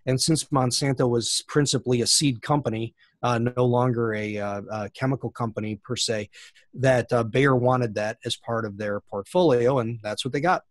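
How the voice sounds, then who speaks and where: A man's voice: mid-range voice, normal speed, dry recording. Thoughtful man, dry close sound. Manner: thoughtful, many fillers and restarts. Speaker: guest, plant scientist. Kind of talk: conversational interview answers.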